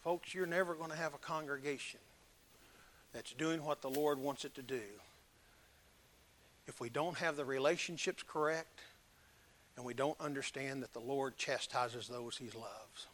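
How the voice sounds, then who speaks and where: A man preaching a sermon, emphatic, swinging between loud exhortation and hushed earnest talk. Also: mid-range voice, measured pace, long pauses, a little hiss or hum.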